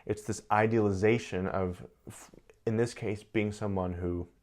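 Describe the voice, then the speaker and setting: Deep-voiced man musing over personality types. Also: fairly even intonation, unhurried, a little mellow. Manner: thoughtful, repeats words while searching for phrasing. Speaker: personality analyst commentator. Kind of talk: casual analytical commentary.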